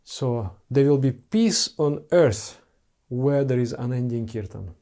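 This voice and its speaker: A man's voice: medium pitch, expressive, slow, warm tone. A man who is a spiritual teacher, giving an earnest, heartfelt devotional talk to followers in simple broken English.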